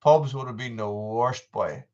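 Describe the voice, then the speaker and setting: A man's voice: mid-range voice, animated, a little slow, a little mellow, dull audio. A man, chatting casually and rambling on a live stream, full of asides and restarts. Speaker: vlogger doing a live chat.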